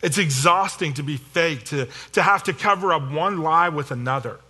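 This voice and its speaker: Bright-voiced man preaching casually. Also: a little high, moderate pace. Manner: conversational and self-deprecating, with storytelling asides. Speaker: pastor. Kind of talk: sermon.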